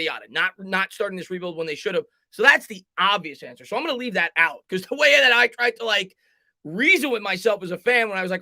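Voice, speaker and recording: A man's voice: sits high, bright, forceful tone, no room sound. A young man hosting a live fan sports talk stream, ranting emphatically and reading chat.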